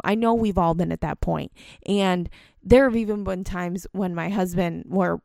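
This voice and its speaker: A young woman with a gravelly, creaky voice, recorded close and dry with no room sound. She tells a personal story in a loose, rambling way. She is candid and laughs at her own faults as a mom. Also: on the low side, steady tone, normal speed, darkish tone, no room sound. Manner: rambling, candid, self-deprecating. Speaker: mom vlogger.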